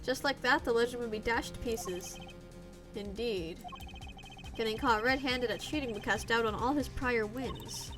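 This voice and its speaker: A woman's voice: fairly high pitch, moderate pace, over music, lightly acted. A woman doing a sly card-dealer witness with a fake Russian accent. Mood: scheming. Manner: smug, evasive.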